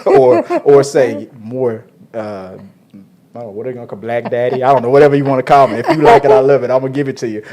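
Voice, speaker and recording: A man's voice: medium pitch, fairly even intonation, quick pace, mellow. A man hosting a casual entertainment-news show with his wife, joking around and often restarting his sentences. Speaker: podcast host.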